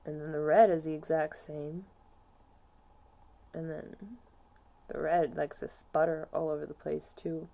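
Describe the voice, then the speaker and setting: A non-binary young adult venting casually to camera in a quiet, dejected, halting voice, low and depressed. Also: level tone, gravelly. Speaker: vlogger.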